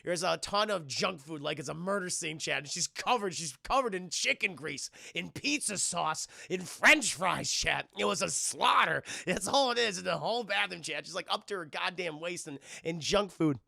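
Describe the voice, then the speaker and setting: A young man recapping an episode for his stream chat, profane, animated and quick to laugh. His voice is gravelly and bright. The recording is dry and close. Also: sits high, no echo. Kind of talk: casual chat to a live chat.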